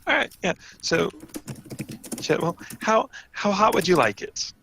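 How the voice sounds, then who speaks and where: Male game master, animated, gravelly, casual, keyboard clicks behind. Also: high-pitched, background noise. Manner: halting, laughing, full of restarts. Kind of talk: tabletop role-play, casual.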